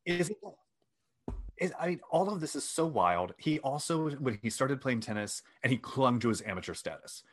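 A man's voice: mid-range voice, lively intonation, normal speed, a little hiss or hum. A man hosting a chat show, telling a story in a wry, self-deprecating way and sometimes reading from his notes. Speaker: podcast host.

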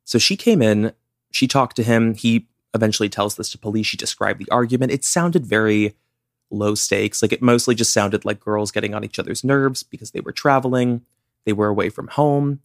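A young man with a fairly low voice walks a listener through a true-crime case in an easy, chatty way. He keeps dropping "like" as he goes. The sound is close and dry. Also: normal speed, no echo. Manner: chatty, many "like" fillers. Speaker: podcast co-host. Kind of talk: casual true-crime storytelling.

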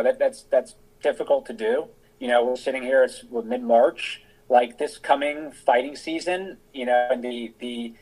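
A man's voice: mid-range voice, darkish tone, poor audio. A middle-aged American man, a guest on an interview podcast, explaining his views in a discursive, thinking-aloud way. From United States. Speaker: guest, author and veteran.

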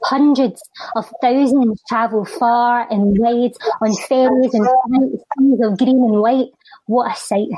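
A Scottish woman with a fairly high voice, a charity guest and spoken word poet, recites a poem in a steady rhythm before shifting into quick, chatty talk. The recording is close, dry, and muffled, with no echo or room sound.

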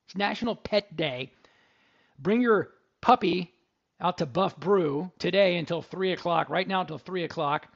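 A man's voice: high-pitched, moderate pace, creaky, dull audio. A man hosting a radio tech show, chatting casually and joking with puns. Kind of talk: casual radio talk with ad reads.

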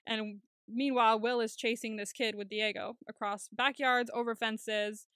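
A woman co-hosting a podcast, giving a casual, animated recap of a TV episode and acting out scenes with laughs. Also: a little high, normal speed, clean tone, no room sound, clean studio sound. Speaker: podcast co-host.

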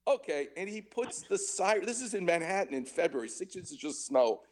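A man in his sixties hosting a call-in radio show as a doctor, an animated storyteller who laughs often. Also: high-pitched, fairly quick.

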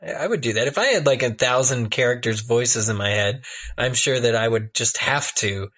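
This man co-hosts a podcast, speaking in a mid-range, fairly bright voice at a moderate pace. The chat is casual and rambling, full of restarts and easy laughter.

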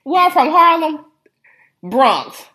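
A woman's voice: sits high, big pitch swings, takes it slowly, sharp tone, slight background noise. A woman from Rochester, New York, hosting a casual talk show, telling stories with big laughs and joking slang. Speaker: podcast host. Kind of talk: casual chat.

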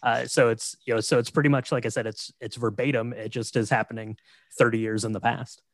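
A man's voice: medium pitch, flat delivery, a little fast, no echo. A man co-hosting a podcast, walking through a film's story in an easygoing, conversational way. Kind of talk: casual film recap chat.

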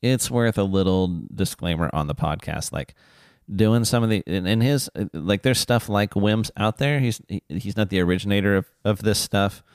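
A man's voice: on the low side, normal speed, clear, resonant tone, no echo, clean studio sound. A man co-hosting a podcast in easygoing casual chat. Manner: easygoing, backchannels a lot. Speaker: podcast co-host.

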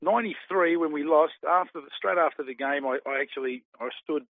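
A man's voice: on the high side, brisk, dry recording. An Australian man in his forties, a former footballer, chatting in an interview in a rambling way full of fillers and restarts. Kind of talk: casual interview. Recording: dry tinny phone line.

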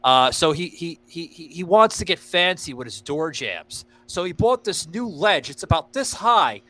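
A man's voice: on the high side, very animated, moderate pace, sharp tone, dry recording. A man hosting a podcast, telling stories in a rambling, profane way with lots of fillers. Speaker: podcast host. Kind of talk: casual podcast chat.

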